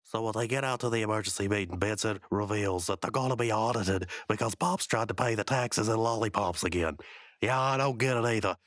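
A man's voice: lowish voice, fairly quick, a bit bright, no room sound. A man co-hosting a podcast, recapping a cartoon episode with dry joking asides. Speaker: podcast co-host.

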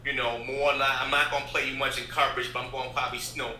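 A man's voice: mid-range voice, little pitch movement, racing, sharp tone. A man who works in radio, talking as a guest in an earnest, motivational way that rambles with restarts. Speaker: podcast guest, radio host. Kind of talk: casual interview talk. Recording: roomy echo with faint background noise.

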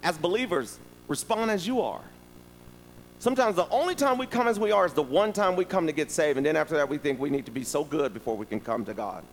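A man preaching a sermon, telling stories and talking directly to the congregation in a lively, conversational way. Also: a little high, fast, long reverb tail, poor audio. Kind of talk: sermon with storytelling.

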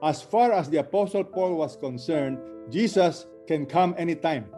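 Male preacher, mellow and a little high, earnest closing exhortation, soft guitar underneath. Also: moderate pace. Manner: earnest, urging the listeners to be ready.

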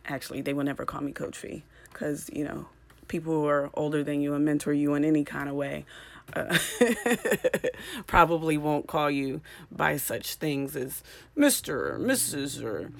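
This young woman's voice is deep, creaky, and expressive, moving at normal speed. Hosting her podcast alone in the late hours, she's weary and meandering, often cutting herself off mid-thought and starting over.

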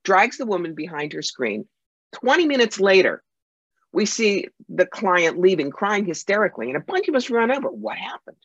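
A woman's voice: mid-range voice, very animated, normal speed, dry recording. A woman psychic medium as a podcast guest, telling anecdotes in a punchy, emphatic way. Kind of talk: podcast interview, storytelling. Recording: dull lo-fi sound.

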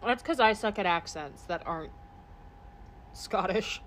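A woman co-hosting a casual podcast chat, swearing freely and ranting with animated energy. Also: mid-range voice, a little slow, slight background noise. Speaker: podcast co-host.

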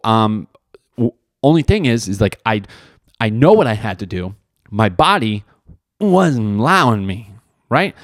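A man, hosting a podcast and telling a story in a profane, animated way, with lots of "right?" and "dude". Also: lowish voice, normal speed, no echo, clean studio sound. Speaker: podcast host; jiu-jitsu competitor. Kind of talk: casual monologue.

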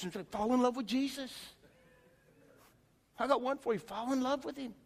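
A man preaching a sermon, telling stories excitedly and swinging from soft talk to shouts. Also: very high voice, normal speed. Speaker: pastor.

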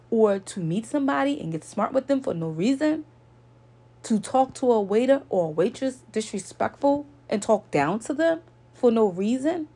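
Woman, casual vlog storyteller, gravelly texture, earnest lecturing delivery with lots of repetition. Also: a little high, warm tone. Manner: earnest, lecturing, repeats points for emphasis. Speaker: vlogger.

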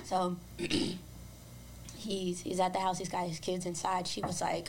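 A woman with a slightly low voice narrates a true-crime case for a podcast, casual and lively. She keeps the story moving and drops into quick voices for the people involved. A faint hiss of noise sits under her voice. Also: creaky. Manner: animated retelling with voiced quotes, brisk. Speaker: podcast co-host.

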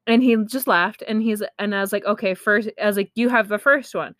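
Young woman streamer, candid and chatty, clear voice, dry room. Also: fairly high pitch, steady tone, a little fast, hardly any pauses, fairly bright tone, no echo. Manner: chatty, candid, laughs at herself, lots of "like". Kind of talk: casual storytime.

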